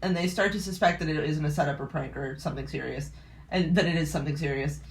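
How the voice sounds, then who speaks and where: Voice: medium pitch, quick pace. A podcast co-host recapping a horror movie in a rambling, casual way, swearing freely. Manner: rambling plot summary with frequent swearing and laughs.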